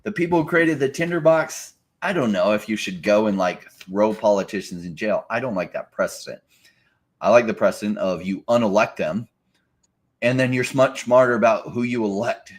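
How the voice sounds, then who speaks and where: A man's voice: on the low side, normal speed. A man co-hosting a casual podcast, sarcastic, often mocking others in put-on voices. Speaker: podcast co-host.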